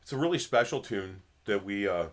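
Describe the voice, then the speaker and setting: A man's voice: lowish voice, lively intonation, brisk, a little hiss or hum. A man chatting casually as co-host of a band's show, rambling with many fillers. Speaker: band member and co-host. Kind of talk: casual chat.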